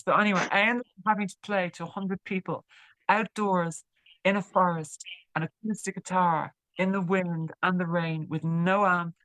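A woman's voice: on the low side, fairly even intonation, a bit bright, no room sound, rough recording. A woman musician being interviewed, chatting casually and repeating words as she tells a story. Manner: halting, repeats words while telling a story. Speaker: guest musician.

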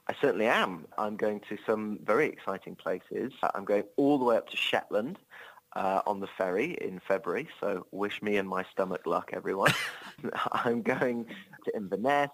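A man's voice: on the low side, moderate pace, a bit bright, low-quality recording. An English man who tours as a comedian, chatting in an interview in a rambling, amiable, self-deprecating way with many restarts. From England. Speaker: touring comedian.

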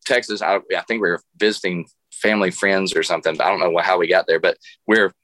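A man's voice: deep voice, quick pace, no room sound. Laughing storyteller man, dry sound. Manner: animated storyteller, laughs often, frequent restarts. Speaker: guest musician. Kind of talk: storytelling in a radio interview.

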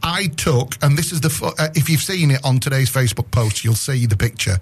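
A man's voice: medium pitch, expressive, brisk, slightly rough. A male radio host chatting loosely in a studio, rambling and correcting himself as he goes. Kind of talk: casual studio banter.

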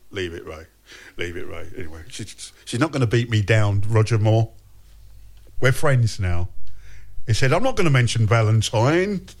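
A man's voice: a little high, fairly bright tone. A man hosting a breakfast radio show, reading listener messages in playful, laughing banter. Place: radio studio.

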